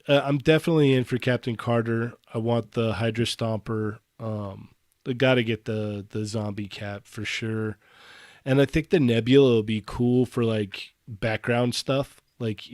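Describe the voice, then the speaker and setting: A man in a casual chat, relaxed and leaning on "like" and "um" as he talks. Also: medium pitch, no echo, studio quality. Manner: relaxed, heavy on "like" and "um".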